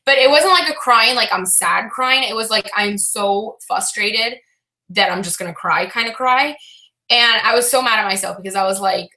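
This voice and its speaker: A young woman with a bright, clear tone talks casually to her live-stream chat from home. She rambles openly, trailing into fillers and restarts, and sounds a little flat and frustrated throughout. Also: medium pitch, normal speed. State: low-spirited, frustrated. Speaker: reseller vlogger answering live chat.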